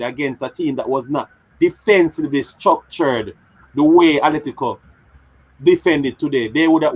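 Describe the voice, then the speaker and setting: A hoarse man on a fan panel, talking fast and breathlessly in an excited match reaction. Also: fairly high pitch. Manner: rapid, breathless, hoarse from shouting. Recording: dull lo-fi audio.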